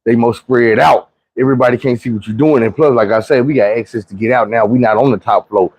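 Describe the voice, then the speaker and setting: A man's voice: mid-range voice, fairly even intonation, quick pace, darkish tone, slightly rough, no echo, rough recording. A young man with a Southern US accent telling a casual, slangy, profane storytime. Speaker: storyteller vlogger.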